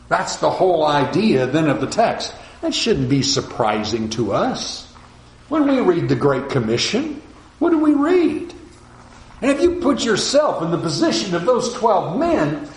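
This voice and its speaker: A man preaching a sermon in an animated way, acting out quoted voices and sometimes dropping to a hush. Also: a little high, echoey room, rough recording.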